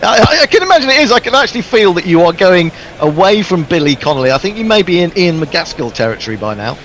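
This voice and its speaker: A man's voice: high voice, very animated, quick pace, a bit bright. Hesitant man reading out listener messages. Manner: hesitant, many ums, reads out listener messages. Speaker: cricket commentary host. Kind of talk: casual commentary chat.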